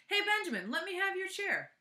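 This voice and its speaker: Woman doing a high, eager schoolgirl. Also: big pitch swings, brisk, pushed and bright, heavily acted. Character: eager young schoolgirl, resourceful. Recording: echoey room.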